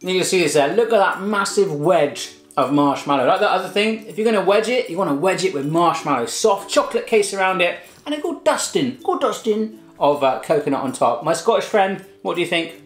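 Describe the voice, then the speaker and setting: A man's voice: high-pitched, animated, brisk, few pauses, echoey room. A man hosting a food taste test in a home kitchen, chatting casually with playful jokes. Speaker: host.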